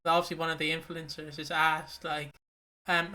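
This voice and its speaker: A man's voice: high voice, level tone, a little fast, bright, forceful tone. A man co-hosting a casual podcast, rambling, swearing and laughing often. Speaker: co-host.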